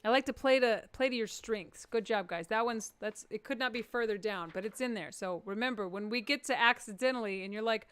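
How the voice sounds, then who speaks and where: A woman comedian hosting a live stream, joking playfully with the audience and jumping into excited quoted voices. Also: on the high side, fairly quick, clean tone, no room sound.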